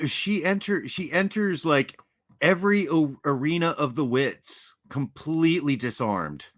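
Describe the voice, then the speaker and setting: A man's voice: a little high, lively intonation, unhurried, a bit bright. A man hosting a commentary channel, mocking a clip in a sardonic way.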